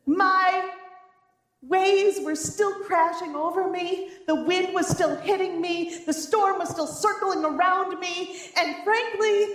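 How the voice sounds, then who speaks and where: A woman's voice: very high voice, a bit bright, far from the mic. A woman voicing the apostle Peter as a defensive grown man, talking back in an exasperated, pleading way. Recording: roomy church echo.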